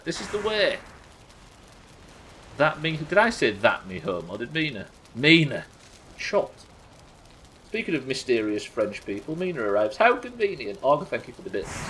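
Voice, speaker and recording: A man's voice: on the high side, a bit bright, a little hiss or hum. A young man hosting a live game stream, bantering with chat in a sweary, exasperated way. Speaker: streamer host.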